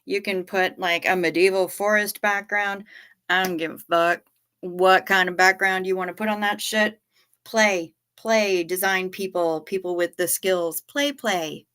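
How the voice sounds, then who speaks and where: A woman hosting a livestream from home, her talk loose, candid and full of swearing. She speaks in an unhurried drawl with a bright, forceful edge to her voice. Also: lowish voice, steady tone, clean tone. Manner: profane, candid and rambling. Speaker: livestream host. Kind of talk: casual livestream chat.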